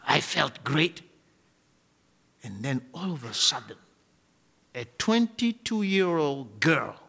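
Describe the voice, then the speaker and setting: A man preaching a sermon, swinging between loud emphatic peaks and quiet low lines, and leading the congregation in spoken declarations. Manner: leads the congregation in call-and-response declarations.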